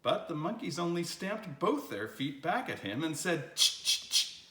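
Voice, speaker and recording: Older man, grandfatherly picture-book reader, lively bright voice, roomy echo. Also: fairly high pitch, normal speed. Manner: expressive, swooping read-aloud delivery. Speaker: storyteller reading to children. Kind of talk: picture-book read-aloud.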